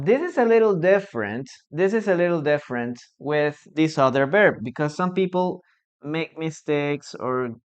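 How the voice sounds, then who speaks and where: Slow, patient teacher with a Spanish accent. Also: medium pitch, clear, resonant tone. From Peru. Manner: patient, repeats examples, ends phrases with "okay?" and "no?". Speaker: English teacher. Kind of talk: live-streamed English lesson. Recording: slightly muffled streaming audio.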